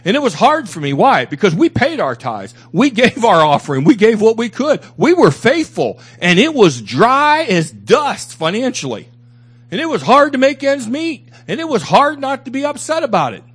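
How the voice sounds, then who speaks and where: A man's voice: extremely high pitch, very animated, moderate pace, breathy edge. A man preaching a sermon as pastor, emphatic and repetitive, with candid asides to his congregation. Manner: emphatic preaching with repeated phrases.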